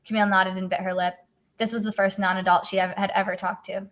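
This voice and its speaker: A woman's voice: medium pitch, little pitch movement, fast talker. Teen girl author, casual read-aloud with joking asides. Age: teens. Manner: giggly, adds joking asides while reading. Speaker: author and co-host. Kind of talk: reading her own story aloud in a casual chat.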